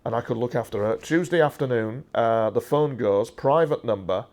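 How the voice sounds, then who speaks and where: A slightly mellow, mid-range male voice at normal speed belongs to a man from England presenting a slide talk. His first-person delivery is emphatic and meandering, peppered with restarts and frequent "uh" sounds.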